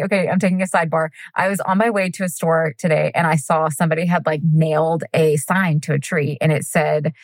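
Low-voiced chatty woman telling a story. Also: fairly even intonation, brisk, few pauses, dry recording. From United States. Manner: chatty, giggly, swears casually, goes off on tangents. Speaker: podcast co-host telling a true crime story. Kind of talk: casual podcast chat and storytelling.

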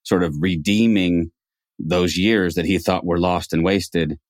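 A man's voice: low voice, steady tone, a little slow, dry recording, clean studio sound. A man hosting a podcast in a casual conversation, talking reflectively and often restarting phrases. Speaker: podcast host.

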